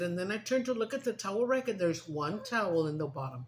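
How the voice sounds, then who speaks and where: An older woman, a mukbang vlogger, eats on camera and talks casually at home, switching freely between English and Spanish and breaking off to coax her pets over. Her lowish voice is a little fast with lively intonation, captured in a low-quality recording with faint background noise.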